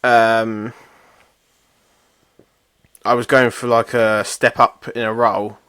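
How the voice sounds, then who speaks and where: A man's voice: fairly low pitch, level tone, takes it slowly, a bit bright, clear, resonant tone, no room sound. A young man, a podcast co-host, telling self-mocking stories in casual chat and swearing freely.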